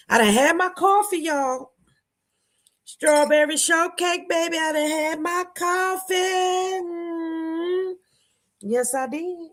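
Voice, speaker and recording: This livestream host is a woman who greets her audience by name in a steady tone and at a slow pace. Even so, her voice leaps between loud bursts and hushed asides.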